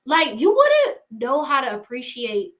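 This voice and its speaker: A woman's voice: sits high, wildly swooping pitch, measured pace, a bit bright. A young woman talking casually to camera, giving emphatic, slangy motivational advice with frequent laughs.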